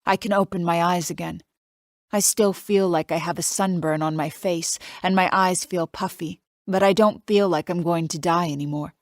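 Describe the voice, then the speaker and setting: A woman's voice: on the low side, steady tone, moderate pace, dry recording, clean studio sound. Woman narrating a tense thriller audiobook. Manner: tense, confiding inner monologue. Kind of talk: first-person present-tense thriller narration.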